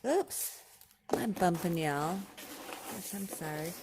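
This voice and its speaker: A woman, chatting excitedly to viewers while unboxing craft supplies. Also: fairly low pitch, takes it slowly, noisy background. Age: 40s. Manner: gushing, excitable, talks to viewers. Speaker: crafting vlogger. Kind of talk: casual unboxing commentary.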